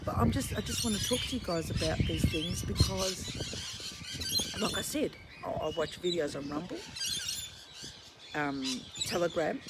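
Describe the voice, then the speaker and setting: A woman's voice: on the low side, very noisy. Fired-up Australian woman ranting over birdsong. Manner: fired-up, swearing, animated ranting. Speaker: vlogger and empathy counsellor. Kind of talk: ranting vlog monologue. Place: at home among pet birds. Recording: loud birdsong chirping behind. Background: chirping birds.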